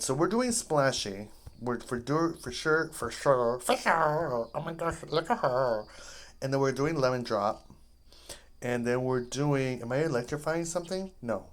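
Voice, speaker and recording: A gaming host rambling through casual commentary, joking around and breaking into high-pitched yelps when things go wrong. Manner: jokey, playful asides.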